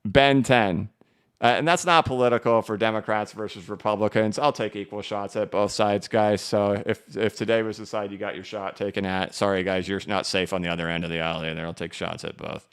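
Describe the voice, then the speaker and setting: A man's voice: fairly low pitch, fairly even intonation, fairly quick, smooth. A man in his thirties hosting a casual live stream, chatty and joking as he reads viewer comments and walks through charts. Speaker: crypto livestream host.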